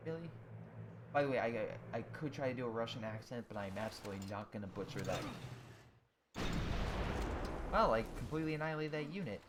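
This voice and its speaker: A mid-pitched man talks through his strategy game as he plays, rambling with fillers and restarts. He groans at setbacks and cheers on his side. A clear steady hiss runs under his desk-mic recording. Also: normal speed, long pauses. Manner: chatty, thinks aloud, many fillers and restarts. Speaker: gaming video host. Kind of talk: casual let's-play commentary. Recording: steady audible background noise.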